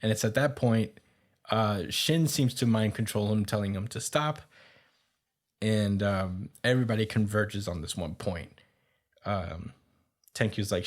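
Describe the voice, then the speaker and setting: A man's voice: on the low side, unhurried. A man hosting a podcast, casually recapping a comic's plot with many fillers, stumbles and chuckles. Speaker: podcast host.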